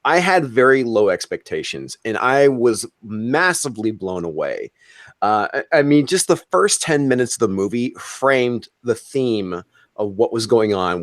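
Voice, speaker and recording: A man on a podcast roundtable, telling an excited story with lots of fillers and restarts. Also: mid-range voice, dry recording. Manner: excited, animated storytelling with frequent fillers and swearing. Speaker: roundtable guest. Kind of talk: casual podcast chat.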